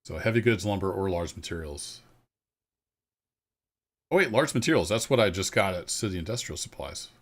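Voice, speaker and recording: Man, very low deep voice, relaxed live gameplay commentary, thinks aloud, pokes fun at himself. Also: normal speed, pauses often. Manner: easygoing, self-deprecating, thinks aloud to viewers. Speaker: game streamer.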